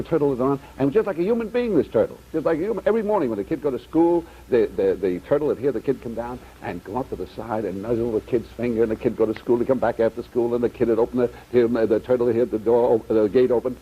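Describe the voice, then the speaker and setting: A man's voice: medium pitch, breathy edge. Rambling male storyteller on lo-fi audio. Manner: rambling, stumbling restarts. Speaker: comedian guest. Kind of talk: storytelling on a TV talk show. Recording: dull lo-fi old TV audio.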